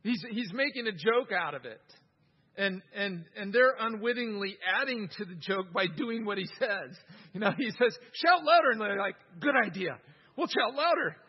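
A man preaching a sermon, reading scripture with lively, wry humor. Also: sits high, slightly rough. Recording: dull sound, long hall reverb.

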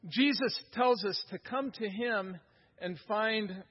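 A man's voice: high-pitched, takes it slowly, husky, muffled recording. A man preaching a sermon as pastor, earnest and repeating phrases for emphasis. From United States.

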